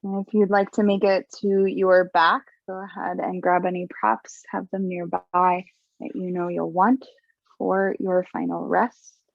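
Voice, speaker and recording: Calm, slow-speaking woman yoga instructor. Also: on the low side, creaky, no echo, highs cut off. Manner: calm, slow, soothing cues. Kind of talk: guided yoga class instruction.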